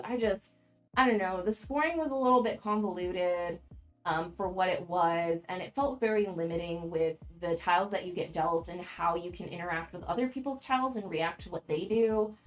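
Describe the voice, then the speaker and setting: Chatty woman with a gravelly edge. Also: mid-range voice. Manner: chatty, frank, frequent ums and laughs. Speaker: board game channel host. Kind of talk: casual livestream chat.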